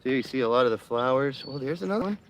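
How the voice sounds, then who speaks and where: A man chatting casually on a live stream from his home garden, excitable and talkative. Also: medium pitch, racing. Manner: excitable, chatty, cheering bees on.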